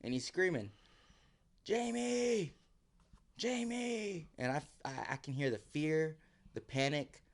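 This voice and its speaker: A man's voice: mid-range voice, normal speed, clear, resonant tone. Man telling a wild survival story. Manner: vivid, acts out his own quotes, drops to near whisper. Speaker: podcast guest. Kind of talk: casual storytelling.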